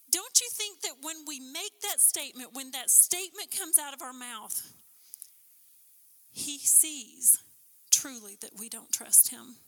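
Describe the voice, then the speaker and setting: Woman, preacher, sermon, high voice, very bright, impassioned, long hall reverb. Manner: impassioned, rising to emphatic peaks then dropping low.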